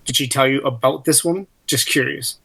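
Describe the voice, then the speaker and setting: A man's voice: mid-range voice, brisk, creaky, a bit bright, breathy edge. Swearing, rambling male player. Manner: rambling, heated, swears a lot. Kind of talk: casual tabletop role-play.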